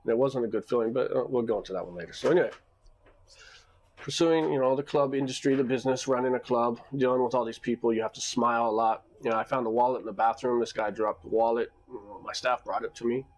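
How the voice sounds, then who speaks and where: A nightclub owner tells work stories for a casual vlog, rambling with restarts and long asides and getting animated when he reenacts arguments. His voice is medium-pitched and fast, with a little hiss or hum in the recording.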